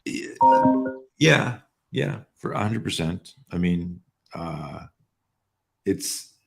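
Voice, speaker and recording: A man's voice: deep voice, extremely slow, gravelly, faint music behind. A man in his sixties, a podcast guest, telling stories in a casual chat, often restarting his words and livening up when he quotes people. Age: 60s. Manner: repeats words on restarts, animated when quoting others. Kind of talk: casual storytelling.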